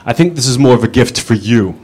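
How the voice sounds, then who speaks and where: A man doing stand-up one-liners with dry, deadpan punchlines. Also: mid-range voice, fast, breathy edge. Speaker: stand-up comedian.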